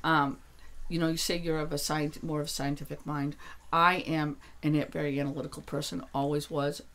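A woman's voice: deep voice, little pitch movement, brisk, fairly bright tone, a little hiss or hum. A woman talking about her spiritual work in a casual conversation, blunt and emphatic, swearing freely as she gets heated. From New Hampshire. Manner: grows heated and insistent. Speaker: author and energy worker guest.

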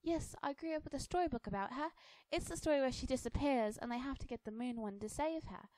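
A woman voicing an earnest, polite thirteen-year-old girl in a high, girlish voice. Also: quick pace, dark tone, dry recording, lightly acted.

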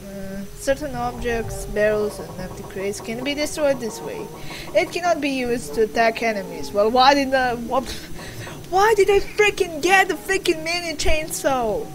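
A woman's voice: on the high side, background noise. A woman giving casual let's-play commentary on a horror game, reading its text aloud, laughing often and swearing over game music.

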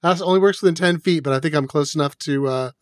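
A man's voice: fairly high pitch, fast talker, no echo. A man playing a tabletop game, jokey and self-deprecating. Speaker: player. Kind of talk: casual tabletop play.

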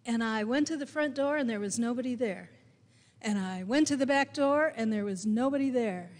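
A woman pastor with a Midwestern American accent, preaching a sermon and telling a personal story with deliberate, emphatic delivery. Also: fairly high pitch, a little mellow. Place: church sanctuary. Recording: long hall reverb in a church.

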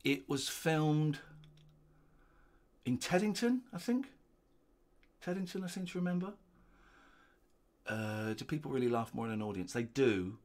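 A man's voice: animated, unhurried, pauses often, darkish tone. A middle-aged man, giving rambling, chatty commentary while watching an old show in his living room at home. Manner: rambling, chatty, drifting into low asides. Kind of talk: casual watch-along commentary.

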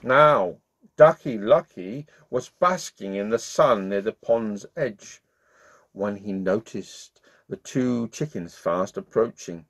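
Unhurried and expressive, his husky voice sits on the low side as he reads a bedtime story aloud to children. He's the channel's storyteller, warm-hearted and playful in a friendly way, and he sings along.

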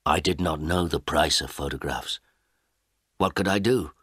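A man reading a first-person story aloud as narrator, in slow, deliberate, plain sentences. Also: rumbling low, a bit bright, husky, no room sound, clean studio sound. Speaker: audiobook narrator.

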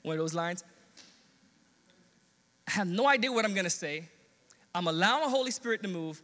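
A young adult man preaching, telling a personal story with earnest, animated quoted dialogue. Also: high voice, a little fast. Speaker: pastor. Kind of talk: sermon storytelling. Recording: long hall reverb.

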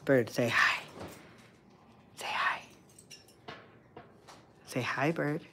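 Man cooing softly to pet birds. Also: mid-range voice, extremely slow, whispered. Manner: soft doting baby talk to birds. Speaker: livestream host with pet birds. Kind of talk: casual chat with pets and viewers.

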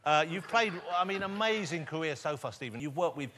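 A man's voice: fairly high pitch, lively intonation, brisk, bright, forceful tone, a little hiss or hum. A man hosting a TV chat show, teasing his guest with playful questions. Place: TV studio with audience.

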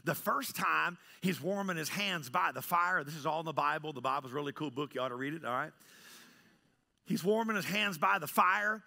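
A middle-aged pastor preaching a dramatic sermon, swinging from loud to hushed and often asking "right?". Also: male voice, on the high side, brisk, vocal fry. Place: church sanctuary.

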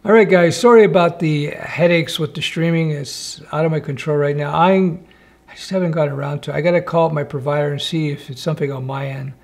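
A man hosts a relaxed live stream from his home office, chatting with viewers and reading their questions aloud. His voice sits a little high for a man and carries a gravelly, fried edge, and he answers with wry, offhand asides. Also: fast.

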